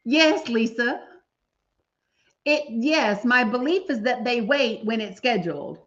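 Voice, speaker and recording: A woman with a fairly high voice, hosting a livestream and talking straight to her audience. She speaks with emphasis and repeats her points, and the audio is dull and lo-fi. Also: animated, slow, long pauses, a bit bright. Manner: emphatic, talks straight to viewers. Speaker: livestream host. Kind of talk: casual livestream commentary.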